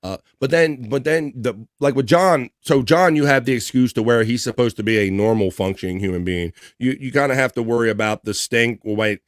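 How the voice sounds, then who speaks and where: A middle-aged man hosts a casual livestream, reading out viewer comments in an upbeat, chatty way and laughing often. His voice is medium in pitch and a little fast, with hardly any pauses, recorded on a dry close mic with no room sound.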